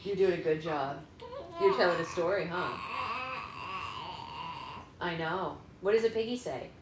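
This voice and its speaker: Her voice low and a little slow, a mother reads aloud for a live book club at home and teases her toddler along in coaxing baby-talk. The phone livestream picks up room echo and background noise.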